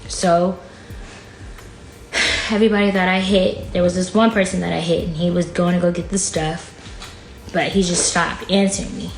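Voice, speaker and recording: At normal speed but with long pauses, a woman guest speaks in a lowish, steady voice about something painful from her life. She keeps it casual and candid, says "like" often, and gets emotional to the point of near tears. The podcast studio is echoey, with faint music.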